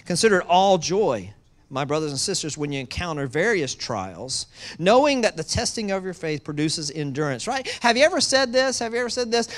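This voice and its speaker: Lively pastor, sermon delivery, big swings between loud and quiet, plays out voices for laughs. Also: a little fast. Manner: animated, swings from loud excitement to hushed low tones; acts out quoted voices with humor.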